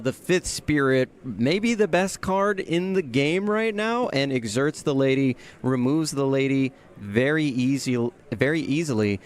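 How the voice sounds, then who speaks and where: A man giving analytical play-by-play commentary at a card game tournament. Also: mid-range voice.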